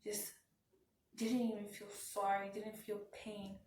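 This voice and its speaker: A woman's voice: medium pitch, monotone. A woman recounts a personal storytime in a level, unvaried voice, often stopping and restarting her sentences. She sits some way off the mic in an echoey room, with a faint hum of ambience behind her. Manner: halting, subdued retelling with restarts. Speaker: vlogger. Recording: roomy, from some distance off the mic.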